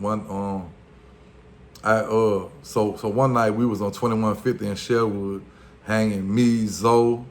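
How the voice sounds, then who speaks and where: Low-voiced Louisiana man telling a street story. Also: a little hiss or hum. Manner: loose street slang, fillers, acts out quotes. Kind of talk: casual storytelling.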